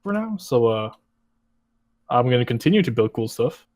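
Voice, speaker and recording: A man's voice: mid-range voice, sing-song, normal speed, a little mellow. Upbeat man on a voice call. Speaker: podcast guest. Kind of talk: casual group chat.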